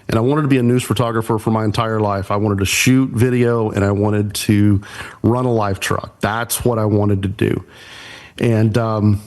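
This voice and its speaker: Easygoing man telling stories. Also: lowish voice. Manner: easygoing storyteller, polite "sir". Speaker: church production pastor, guest. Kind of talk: casual podcast interview.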